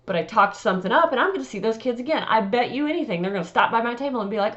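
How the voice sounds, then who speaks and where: A woman's voice: on the high side, big pitch swings, quick pace, few pauses, a bit bright, lo-fi sound. A woman author giving chatty, emphatic advice on selling at vendor markets and often acting out conversations. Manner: chatty and emphatic, acts out customer dialogue. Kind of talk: casual advice talk to camera.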